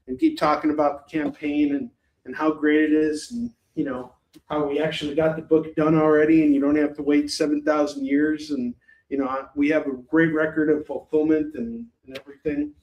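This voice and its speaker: A man's voice: on the high side, flat delivery, brisk, a little mellow. A man hosting a live shopping stream in a rambling, chatty, self-mocking way. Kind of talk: casual chat. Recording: roomy echo.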